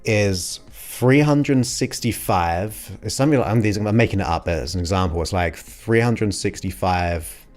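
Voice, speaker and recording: A man from England hosting his show, chatting casually and enthusiastically with viewers. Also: deep voice. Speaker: podcast host. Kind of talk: casual livestream chat.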